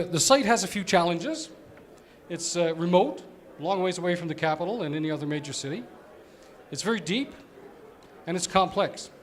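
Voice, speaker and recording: A man giving a conversational conference presentation as an operations executive, explaining with fillers. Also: on the high side.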